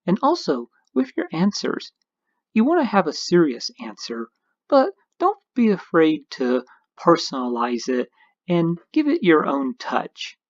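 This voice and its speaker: A man's voice: a little high, huge pitch swings, a little slow, dry recording, muffled recording. A man narrating a screencast tutorial, explaining each step patiently as an instructor.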